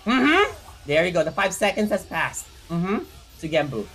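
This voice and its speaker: A man's voice: high voice, very animated, moderate pace, a bit bright, slightly rough. A man streaming a live reaction to a fighting game match, heated and swearing, repeating short phrases.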